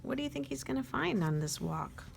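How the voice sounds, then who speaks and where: A woman at a library storytime, reading a picture book aloud to children, gently asking them questions and dropping to a whisper at quiet moments. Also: high-pitched, big pitch swings, vocal fry, a little hiss or hum. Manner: slow and gentle, pausing to ask young listeners questions.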